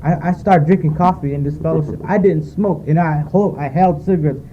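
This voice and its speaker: At a recovery meeting in a retreat meeting room, a man with a somewhat high voice gives a rambling, heartfelt personal testimony a little fast, full of fillers. It's captured on a tinny, phone-like lo-fi tape with faint hiss.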